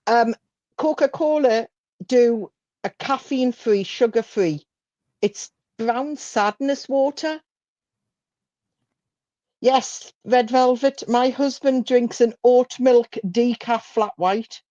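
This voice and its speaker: A woman chatting casually on a live stream, laughing easily and answering viewers. Her voice sits a little high. The sound is dry and slightly muffled. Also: slow, mellow, dry recording. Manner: chatty, laughs easily, reads chat aloud. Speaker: livestream co-host. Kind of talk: casual chat.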